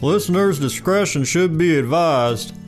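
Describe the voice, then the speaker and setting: A man's voice: on the high side, lively intonation, measured pace, faint music behind, voice pushed up. A man putting on the voice of a folksy male announcer, drawing out each word. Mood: deadpan.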